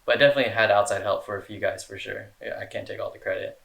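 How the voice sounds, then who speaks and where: A man's voice: lowish voice, fairly even intonation, very fast, gravelly, a bit bright, reverberant. A young man answering fan questions in a casual, rambling chat, full of slang and fillers. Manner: laid-back, rambling, slangy with lots of "dude" and "like".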